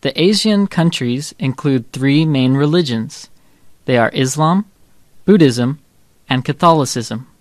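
A man's voice: mid-range voice, unhurried, dry recording, clean studio sound, lightly acted. A man playing a father who patiently answers his child's homework questions in a scripted textbook dialogue. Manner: calm, patient explaining. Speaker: textbook audio actor.

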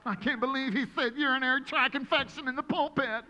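A man preaching a sermon as pastor, telling stories in an animated way and acting out the voices of the people in them. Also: very high-pitched, fairly quick. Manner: animated, storytelling with acted-out voices. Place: church sanctuary. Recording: long hall reverb.

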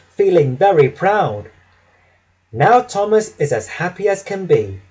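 Guy reading a kids story, slow and really lively, bit husky. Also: on the high side, low-quality recording. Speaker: narrator. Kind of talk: storybook narration.

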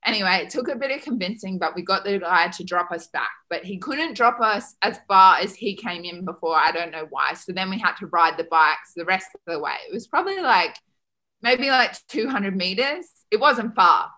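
Bright-voiced Australian woman telling stories. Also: medium pitch, normal speed. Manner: animated, peppered with "like", acts out quoted dialogue. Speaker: podcast guest. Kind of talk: casual storytelling.

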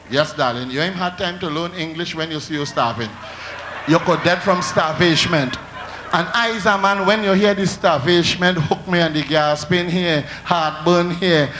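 A man with a Trinidadian accent, a calypso comedian telling a comic story on stage in broad dialect with animated punchlines. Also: fairly high pitch, a little hiss or hum.

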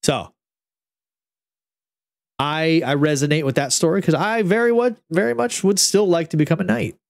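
A man's voice: fairly high pitch, moderate pace, creaky, dry recording. A young man streaming, chatting casually and reading a kids' book aloud, rambling with restarts, close to the mic.

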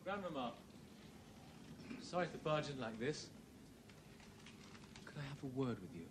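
An actor playing an apologetic young grandson who rambles hesitantly. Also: male voice, medium pitch, sing-song, a little slow, background noise. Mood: worried. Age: young adult.

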